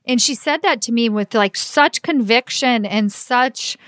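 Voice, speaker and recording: Recorded dry in studio quality, this middle-aged leadership coach has a slightly high, bright voice and speaks a little slowly. She chats earnestly through her solo podcast episode, often saying "like" and "right?".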